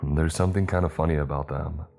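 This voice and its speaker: A man's voice: rumbling low, fairly even intonation, quick pace, vocal fry, darkish tone, faint music behind. A man voicing an upbeat male ship crewmate who talks in an easygoing, joking way. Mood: cajoling.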